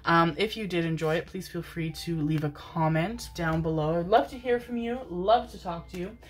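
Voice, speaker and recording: A woman with a low-pitched voice reads tarot cards for her viewers in a relaxed, meandering way. She speaks affectionately, drifts between thoughts, and keeps calling her audience her babies while sitting at her desk mic. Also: normal speed. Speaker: tarot reader. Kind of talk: casual tarot reading to camera. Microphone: desk microphone, seated in a chair.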